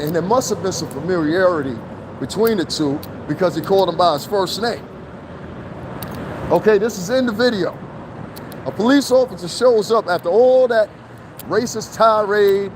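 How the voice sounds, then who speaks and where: This is a casual outdoor commentary vlog shot on a handheld phone by a fence, with traffic audible nearby. The speaker, a man from New Jersey, talks profanely and gets animated as he rants, rising to a heated pitch when worked up.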